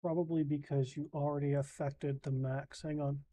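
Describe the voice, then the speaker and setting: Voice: medium pitch, flat delivery, normal speed, dark tone. Patient game master explaining rules. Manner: patient, methodical, restarts to rephrase. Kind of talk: explaining rules in a casual online game session.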